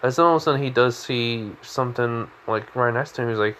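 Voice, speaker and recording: A man's voice: medium pitch, a little fast, few pauses, a bit bright, slight background noise. A sleepy man casually retelling a fan story, rambling with lots of fillers.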